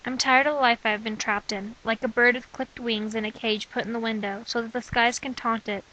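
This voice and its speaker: A woman in her twenties reading her old diary letters aloud in short, steady clipped phrases. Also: a little high, fairly quick, a little hiss or hum, poor audio. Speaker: vlogger.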